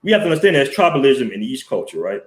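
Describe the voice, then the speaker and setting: A man's voice: medium pitch, sing-song, fast talker, roomy sound, a little hiss or hum. A man, hosting a blunt, profane, chatty live stream on a headset mic. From Southern US. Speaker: host. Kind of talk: casual live-stream storytelling. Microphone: headset mic with headphones.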